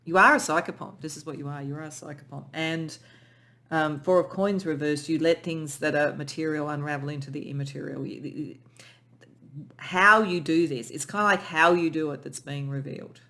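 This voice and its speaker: This pick-a-pile tarot reading is delivered softly and spiritually, with emotion that at times brings the reader near tears. The mid-range voice holds a steady tone at a moderate pace, though sentences frequently restart.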